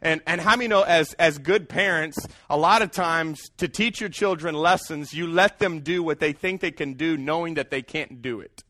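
Preaching man, high voice, dry sound. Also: normal speed, hardly any pauses, sharp tone, no echo. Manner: calls out to the congregation for responses. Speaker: pastor. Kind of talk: sermon.

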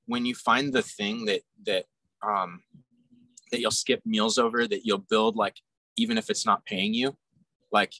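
Gravelly-voiced man, podcast guest. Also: fairly low pitch, sharp tone, no room sound, rough recording. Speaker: guest, ministry business co-founder. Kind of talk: casual podcast chat.

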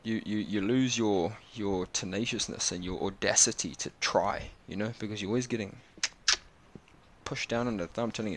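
A man's voice: on the low side, normal speed, a little hiss or hum. Rambling slangy New man. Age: 20s. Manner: rambling, slangy, animated storytelling. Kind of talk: casual monologue.

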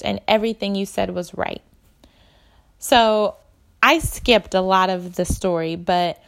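A young woman with a gravelly, fry-edged voice recounts a personal story straight to her viewers. Her delivery is candid and emotional, like confiding in friends. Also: mid-range voice. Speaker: vlogger.

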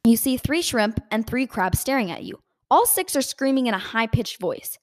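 Lady reading a pick-your-path adventure, slightly high voice, gets loud and punchy in the tense bits. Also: animated, moderate pace. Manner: vivid, loud and emphatic in tense parts. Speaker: narrator. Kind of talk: interactive choose-your-path story narration.

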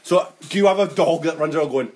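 A man's voice: on the high side, fast talker, darkish tone, a little hiss or hum. A man, co-hosting a casual podcast chat, swearing and joking. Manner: crude, joking, puts on animal voices. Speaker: podcast co-host. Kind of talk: casual banter.

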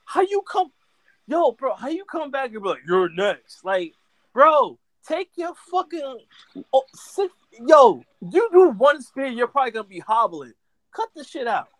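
Lively, swearing man in a dry room. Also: very high voice, measured pace, no echo. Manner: animated, profane, mocking impressions. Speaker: podcast co-host. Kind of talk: casual wrestling chat.

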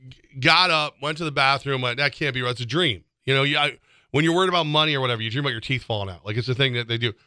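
A quick-talking man with a very bright, forceful voice tells a rambling story in casual chat and restarts his sentences often. He mocks himself as he goes and chews gum. The sound is dry and close, with no room around it. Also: medium pitch, clean tone, no room sound. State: chewing gum. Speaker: sports radio co-host.

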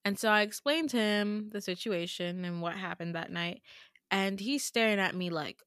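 A woman's voice: mid-range voice, moderate pace, a bit bright, smooth, no echo, clean studio sound. A woman host casually retelling a dream story in a chatty, filler-heavy way. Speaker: podcast host.

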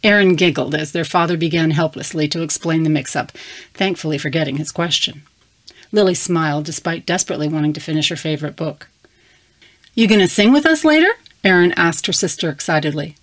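A woman reading a fantasy story aloud with calm, measured narration. Her voice sits low for a woman. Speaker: story reader.

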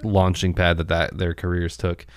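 A man's voice: sits low, little pitch movement, normal speed, no echo. A man hosting a podcast, chatting casually about movies and rambling with frequent restarts. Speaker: podcast host.

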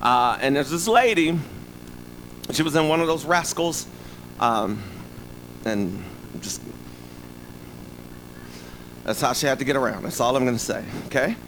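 A man preaching a sermon in an animated, joking way, with rhetorical asides to the congregation. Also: medium pitch, unhurried, pauses often, background noise. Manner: animated, humorous, call-and-response asides.

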